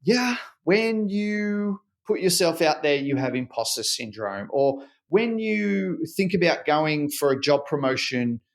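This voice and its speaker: A middle-aged man, a podcast guest explaining his research in an animated, storytelling way. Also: fairly high pitch, measured pace, hardly any pauses. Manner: animated storyteller who acts out dialogue. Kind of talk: conversational podcast interview.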